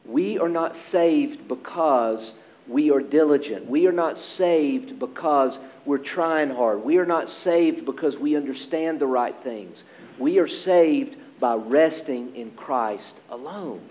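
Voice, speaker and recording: A man preaching a sermon as pastor, earnest and emphatic, with dramatic pauses. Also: on the high side, darkish tone, muffled recording.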